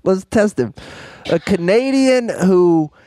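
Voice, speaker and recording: A man's voice: sits high, animated, slow pace, mellow, a little hiss or hum. A man on a comedy podcast, teasing the others and laughing often. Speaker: podcast co-host. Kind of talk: casual comedy podcast chat.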